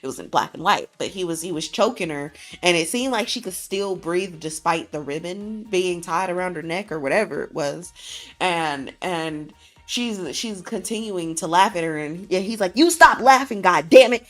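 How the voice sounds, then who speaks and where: A woman's voice: fairly low pitch, normal speed. A woman streamer casually retelling a dream, rambling and using lots of fillers. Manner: rambling, filler-heavy storytelling.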